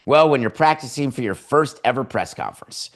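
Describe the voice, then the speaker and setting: A podcast host runs a sports talk show from his home studio, his medium-pitched voice animated and brisk. He riffs sarcastically on team owners, mocking them with sardonic impressions.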